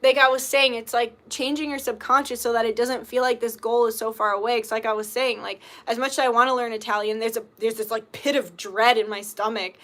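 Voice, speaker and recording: A tarot reader chats casually on a livestream while doing readings, rambling with lots of filler words and the odd swear word. Her voice is medium-pitched with a sharp tone.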